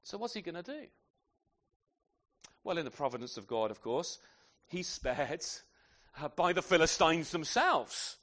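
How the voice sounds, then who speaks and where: A man's voice: on the high side, very animated, unhurried, long pauses, fairly bright tone. A man preaching a sermon in a conversational way, often adding rhetorical tag questions.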